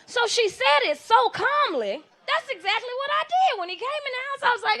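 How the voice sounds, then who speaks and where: Animated high-voiced woman comedian. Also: brisk, hardly any pauses. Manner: animated, conversational, plays to the audience. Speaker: stand-up comedian. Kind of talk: live stand-up comedy. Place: church comedy event, live audience.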